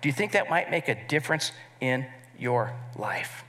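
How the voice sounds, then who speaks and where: A man's voice: mid-range voice, sing-song, normal speed, pushed and bright. A middle-aged man preaching a sermon as pastor, earnest, and asking the congregation to repeat key words with him. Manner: earnest, leads the congregation in call-and-response.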